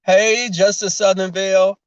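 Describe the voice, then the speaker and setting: A man's voice: high voice, flat delivery, a little slow, clear, resonant tone. A man with a Southern drawl ranting in a brash, profane, sassy livestream commentary. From Southern US, Texas. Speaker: livestream host. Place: outdoors in the cold. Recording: dull, dry sound.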